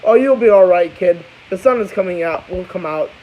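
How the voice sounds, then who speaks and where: A man's voice: high-pitched, expressive, a little fast. A man voicing a mean, mocking female bus driver in a sly, teasing way. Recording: dull hissy home recording.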